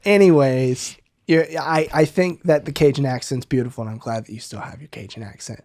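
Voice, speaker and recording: A man's voice: medium pitch, fairly quick, darkish tone, no room sound, clean studio sound. A man with a slight Southeast Texas accent, co-hosting a casual chat in a playful, teasing way and laughing often. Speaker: podcast co-host.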